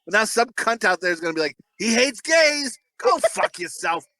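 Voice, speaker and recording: A man's voice: high voice, quick pace, pushed and bright, low-quality recording. A man in his thirties co-hosting a podcast, telling crude stories in a rambling way, full of fillers. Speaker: podcast co-host. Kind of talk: casual podcast banter.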